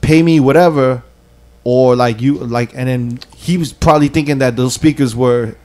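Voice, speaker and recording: A man's voice: mid-range voice, fairly even intonation, normal speed, a little mellow. A man telling a long, rambling story to friends on a podcast, full of slang, restarts and fillers. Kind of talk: casual storytelling among friends.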